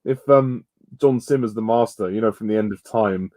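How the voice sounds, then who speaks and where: A man's voice: on the low side, moderate pace, warm tone, no echo. A man hosting a podcast in casual chat, joking, swearing and laughing. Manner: joking, swearing, laughing at his own jokes. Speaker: podcast host.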